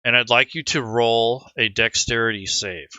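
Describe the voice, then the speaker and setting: A man acting as game master in an online tabletop game, narrating scenes in a relaxed, rambling way and talking players through the rules. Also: mid-range voice, moderate pace, dry recording, dull audio.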